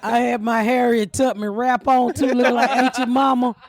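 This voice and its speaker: A woman's voice: a little high, level tone, moderate pace, crowd noise. A middle-aged woman hosting a podcast, brash and profane, roasting her co-hosts between laughs in casual comedic chat. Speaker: podcast host.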